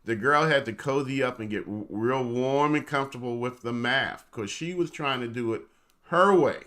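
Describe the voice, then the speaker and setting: A man's voice: mid-range voice, normal speed, sharp tone. A man co-hosting a talk show, playful and teasing with emphatic, preacher-like delivery. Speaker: co-host. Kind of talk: casual chat.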